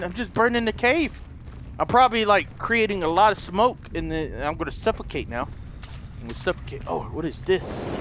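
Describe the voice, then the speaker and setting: A man doing let's play commentary, excitable and swearing, talking to his viewers and shouting at the game. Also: sits high, a little hiss or hum. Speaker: gaming video host. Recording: game sounds loud behind the voice.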